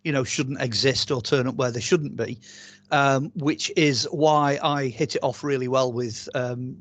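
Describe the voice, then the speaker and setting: A man from the UK, an archaeologist and author telling stories as a guest in a casual interview, chatty and animated, rambling with many fillers and restarts. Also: mid-range voice, measured pace.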